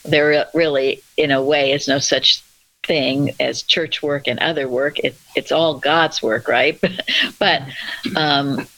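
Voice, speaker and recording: A person leading a church roundtable discussion in a gentle, conversational way, drawing others in with questions. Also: medium pitch, fairly even intonation, takes it slowly, no echo, rough recording. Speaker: discussion leader.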